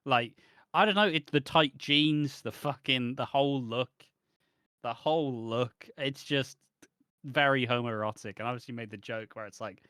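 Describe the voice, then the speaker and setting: A man's voice: medium pitch, moderate pace, bright, forceful tone, clean tone, no room sound, studio quality. A man co-hosting a casual chat show, rambling and swearing freely, laughing often and slipping into mocking quoted voices. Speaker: podcast co-host. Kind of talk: casual chat reviewing a soap opera.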